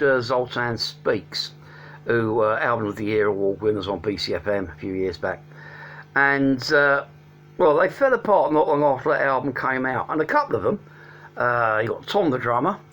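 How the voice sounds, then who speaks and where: A man's voice: mid-range voice, fairly bright tone. A man casually reviewing albums at home, rambling with many ums and restarts but enthusiastic. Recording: dull lo-fi sound with faint hum.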